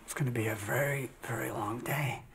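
A man's voice: medium pitch, steady tone, brisk, vocal fry, a bit bright, a little hiss or hum. An actor playing an awkward man stuck in a lift who fills the silence with rambling, nervous chatter. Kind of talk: film drama acting.

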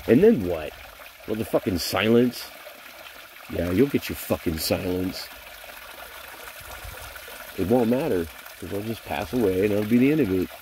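A man's voice: fairly low pitch, animated, a little slow, long pauses, a little mellow, a little hiss or hum. A man in his forties venting in a bitter, profane vlog monologue. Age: 40s. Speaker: vlogger.

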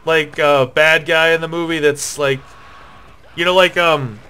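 A young man chatting and joking while playing a game with friends, with excitable outbursts. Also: fairly high pitch, a little slow, slight background noise. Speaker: gamer. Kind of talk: casual gaming chat.

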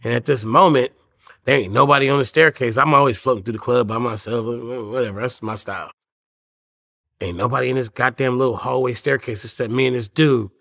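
A man's voice: mid-range voice, fairly even intonation, fairly quick, gravelly, fairly bright tone. A man in his fifties, a rapper guest in an interview, telling stories in a laid-back, profane way. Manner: laid-back, profane, quotes people in voices. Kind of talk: casual storytelling interview.

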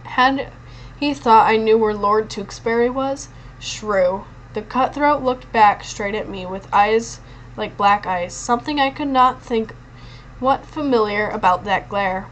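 Expressive woman reading a storybook aloud. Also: a little high, measured pace, slight background noise, low-quality recording. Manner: expressive, with occasional stumbles. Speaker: audiobook reader. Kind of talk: storybook narration in first person.

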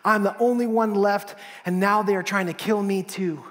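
A man's voice: high-pitched, fairly even intonation, moderate pace, a bit bright, voice pushed up. Man playing Elijah, an urgent hunted prophet. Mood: desperate. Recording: long hall reverb.

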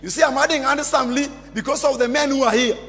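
A man preaching a sermon as pastor, calling out to the congregation and often shouting. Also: very high-pitched, fast talker, soft background music. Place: church hall. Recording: reverberant church hall.

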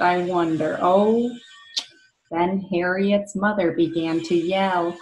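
Woman doing a kids' storybook read-aloud, slow and expressive, asks the kids stuff, roomy echo. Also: fairly low pitch, slight background noise. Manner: slow and expressive, pausing to ask listening children questions. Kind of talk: children's picture book read-aloud. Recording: echoey room.

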